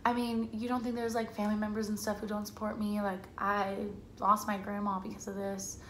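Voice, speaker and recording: A woman's voice: medium pitch, fairly quick. A young woman vlogger telling a personal story to camera in a casual, chatty way, filling her talk with "like" and acting out quotes. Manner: chatty, says "like" a lot, quotes herself and family in lively voices. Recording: echoey room with faint ambient noise.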